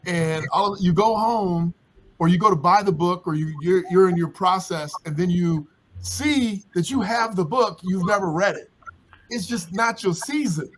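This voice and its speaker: A man's voice: sits high, moderate pace, a little hiss or hum, low-quality recording. A man in a casual podcast discussion, making his points through little acted-out exchanges. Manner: storytelling, plays out little dialogues. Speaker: panel speaker.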